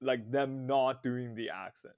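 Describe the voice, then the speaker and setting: A man's voice: mid-range voice, unhurried, darkish tone. A man co-hosting a movie podcast in casual chat, playful and teasing, with slang like "bro". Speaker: podcast co-host.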